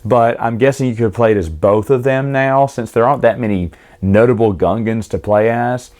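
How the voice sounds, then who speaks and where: A man's voice: medium pitch, normal speed, darkish tone. A man giving a casual, rambling book review with wry asides, who acts out the characters as he retells the plot.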